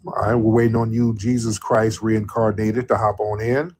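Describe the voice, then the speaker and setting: A man's voice: fairly low pitch, level tone, moderate pace, darkish tone, a little hiss or hum. A man hosting a casual call-in livestream, loose and drawling, repeating his phrases as he talks to callers. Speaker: livestream host taking callers.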